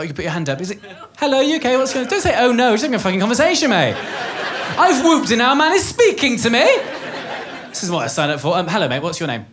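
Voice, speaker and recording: A man in his thirties with a Welsh accent doing a stand-up set, chatty and swearing, working the crowd from a club stage. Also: high voice. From Wales. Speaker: stand-up comedian. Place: comedy club stage with live audience. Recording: live club recording with audience noise.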